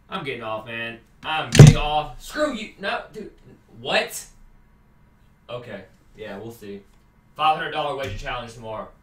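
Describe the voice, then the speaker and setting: Young man, brash heated gamer rant, unhurried delivery, distant echoey room sound. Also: high voice. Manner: heated, brash, swings from yelling to mumbling. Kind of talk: comedy skit, trash-talking over voice chat. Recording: roomy echo, voice set back from the mic.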